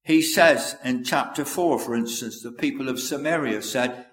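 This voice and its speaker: A man's voice: medium pitch, a bit bright. Male preacher in an echoey hall. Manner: measured, earnest, quotes scripture aloud. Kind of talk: sermon. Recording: echoey hall with long reverb.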